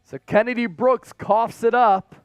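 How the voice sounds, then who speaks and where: Male stream host, high pitched, energetic casual play-by-play, dry sound. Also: unhurried, clear, resonant tone, no room sound, faint music behind. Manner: energetic, hyped fan banter. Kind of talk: excited live play-by-play commentary and chat shout-outs.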